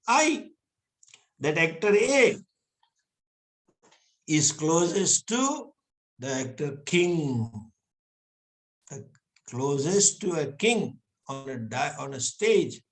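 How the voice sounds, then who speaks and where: A man gives a scripture lecture in a fairly high voice. He speaks slowly and patiently and breaks into small chuckles often. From India. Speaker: Vedanta teacher.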